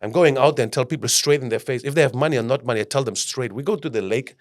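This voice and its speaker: Fast-talking man telling animated stories. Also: medium pitch. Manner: animated, acts out quotes with lots of "bro" and "like". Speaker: guest, self-leadership coach. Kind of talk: casual podcast storytelling.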